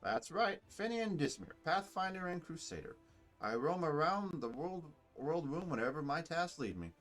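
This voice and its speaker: Guy doing a cocky talking-sword adventurer, high-ish chatty voice, lots of swoops, faint music behind. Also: big pitch swings, normal speed, a bit bright. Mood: cheerful boasting. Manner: trying out shifting British, Scottish and Australian accents. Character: chatty male spirit-weapon adventurer, boastful.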